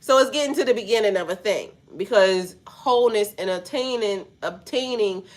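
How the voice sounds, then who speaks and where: A woman's voice: mid-range voice, moderate pace. A woman who works as a spiritual life coach, talking casually to her viewers in a rambling, slangy way and swearing freely, with a stuffy nose.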